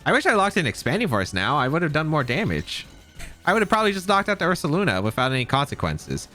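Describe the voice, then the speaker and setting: Bright, animated man commentating gameplay. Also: fairly high pitch, fast, soft background music. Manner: thinks aloud, second-guessing plays. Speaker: competitive game player.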